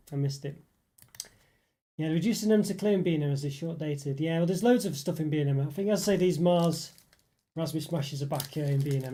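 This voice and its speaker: Chatting with his viewers on a relaxed live stream, this young northeast English man reads messages aloud and wanders from thought to thought, often restarting and using fillers. His voice is warm and a little high.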